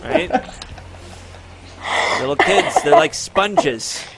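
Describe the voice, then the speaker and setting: A man's voice: a little high, big pitch swings, drawn-out words, gravelly, fairly bright tone, soft background music. A man hosting a crude comedy podcast, introducing clips with sarcastic quips. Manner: sarcastic, wisecracking. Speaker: podcast host.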